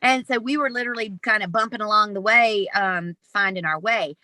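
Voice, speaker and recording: A woman in her fifties, an animated guest telling stories with laughs in an interview over a video call. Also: mid-range voice, brisk, no echo. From Southern United States. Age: 50s. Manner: animated, laughing, lively storyteller. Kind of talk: storytelling interview.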